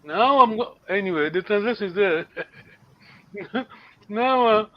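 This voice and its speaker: A man teaching a language class online, patient, often checking understanding with a quick question. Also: high-pitched, lively intonation, highs cut off.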